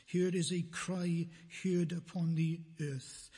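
A man preaching a sermon in a church, slow and deliberate, repeating phrases for emphasis, with a husky voice. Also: a little high, fairly even intonation, warm tone, big-room sound.

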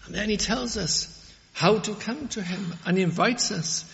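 A man preaching a sermon, fervent and emphatic, rising to loud peaks when he quotes scripture. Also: high-pitched, measured pace, gravelly. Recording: muffled audio with long hall reverb.

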